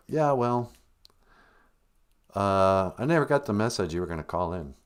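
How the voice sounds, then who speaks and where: A man's voice: lowish voice, animated, moderate pace, pauses often, clean tone. A man from northern Minnesota hosting a comedic live-stream podcast, joking and teasing. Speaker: podcast host.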